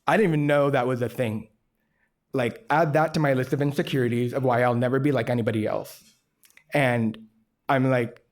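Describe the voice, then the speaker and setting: A man of average pitch tells a true story from his own life on a storytelling stage. His delivery is candid and self-deprecating, with wry asides dropped along the way. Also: normal speed. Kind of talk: live personal storytelling.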